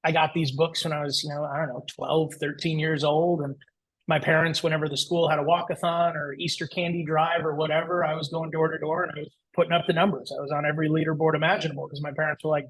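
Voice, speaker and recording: A man in his forties, a podcast guest, telling his career story in a lively, anecdotal way and acting out the voices he quotes. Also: fairly high pitch, quick pace, breathy edge, rough recording. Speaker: guest entrepreneur.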